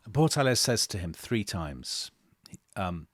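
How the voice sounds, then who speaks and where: With big pitch swings and an unhurried delivery, a very low-voiced, middle-aged history podcast co-host animatedly recounts events, acting out quotes in the voices of those involved. His tone is fairly bright, and the close-miked, dry recording has no echo.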